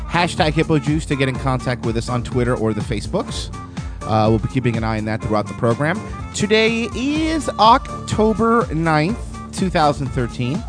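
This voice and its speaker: A man's voice: medium pitch, a little fast, over music. A man hosting a live comedy podcast, joking around with his co-hosts and laughing often. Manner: laughs often, animated and incredulous. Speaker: podcast host. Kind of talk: casual live podcast banter.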